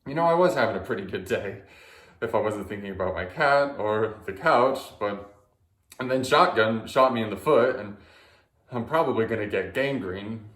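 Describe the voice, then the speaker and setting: A man performing a deadpan comic monologue for an audition, halting and hesitant with soft trailing asides. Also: lowish voice, echoey room.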